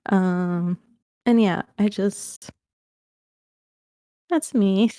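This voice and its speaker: A woman's voice: medium pitch, drawn-out words, pauses often, dark tone, no room sound, clean studio sound. A young woman streamer, a guest on a podcast, talking casually and emotionally while tearing up. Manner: emotional, laughs through tears. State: crying. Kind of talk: casual interview chat.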